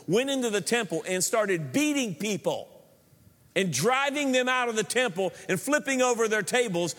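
High-voiced preacher in a reverberant hall. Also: male voice. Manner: emphatic, animated preaching with joking asides and repeated words. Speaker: pastor. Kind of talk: sermon.

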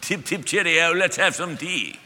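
A man's voice: on the high side, very animated, takes it slowly, pushed and bright, slight background noise, heavily acted. A man voicing a stiff, old-fashioned English-speaking movie Jesus in a prim, exaggerated upper-class manner, recorded in a reverberant church hall. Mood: mocking.

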